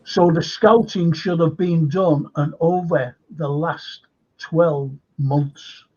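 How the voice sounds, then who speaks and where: A man's voice: on the high side, fairly even intonation, slow, mellow. A man hosting a casual football fan show, telling anecdotes and swearing freely. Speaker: host. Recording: dull lo-fi stream audio.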